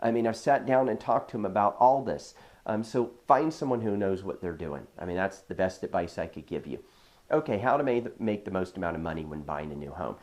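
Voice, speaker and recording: A man's voice: deep voice, brisk, a little mellow. A man who works as a real estate agent, giving casual advice and telling stories from his deals in a conversational way, acting out the dialogue. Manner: conversational, acts out quoted dialogue, frequent fillers. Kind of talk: casual advice talk with anecdotes.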